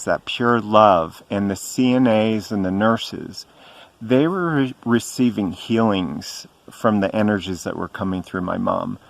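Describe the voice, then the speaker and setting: A middle-aged man telling a personal story to camera in a gentle, reverent way, pausing often with ums. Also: fairly low pitch. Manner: slow and hesitant, frequent ums and pauses. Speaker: spiritual vlogger.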